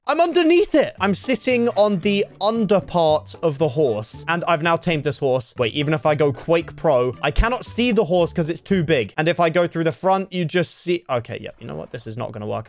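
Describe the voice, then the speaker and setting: Excitable gamer guy, voice bouncing all over, light music underneath. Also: on the high side. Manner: excitable, jumping from calm remarks to panicked yelps. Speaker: gaming video host. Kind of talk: Minecraft challenge commentary.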